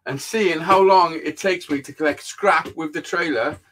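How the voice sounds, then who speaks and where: A man's voice: fairly high pitch, normal speed, fairly bright tone. A man, a live show host swearing freely and laughing often in casual chat.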